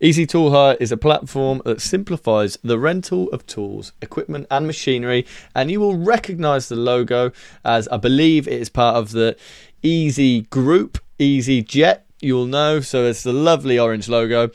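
A man's voice: mid-range voice, moderate pace, darkish tone, clean tone, dry recording, studio quality. A man hosting a podcast, chatty and jokey with his guest. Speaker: podcast host. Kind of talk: casual interview chat.

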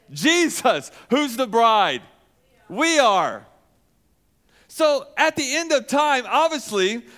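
A man's voice: extremely high pitch, sharp tone, smooth. A male pastor preaching a sermon, asking questions and answering them himself, with emphatic repetition.

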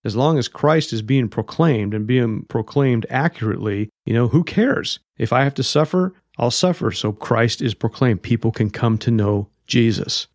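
A man's voice: mid-range voice, animated, normal speed, hardly any pauses, no room sound, clean studio sound. A man teaching through a Bible book verse by verse, reading scripture aloud and explaining it in a blunt, conversational way.

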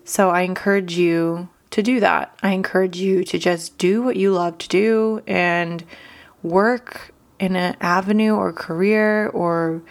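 A woman's voice: lowish voice, steady tone, a little slow. A young woman hosting a podcast, talking earnestly and emotionally with a voice cracking from crying, full of "like" and "you know". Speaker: podcast host. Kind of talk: casual solo podcast talk.

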